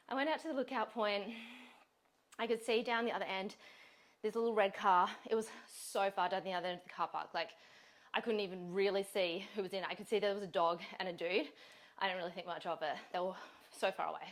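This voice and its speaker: Aussie fitness lady chatting, super animated, swears a lot, laughs all the time. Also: mid-range voice, fairly quick. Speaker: fitness coach and host. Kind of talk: casual storytelling chat.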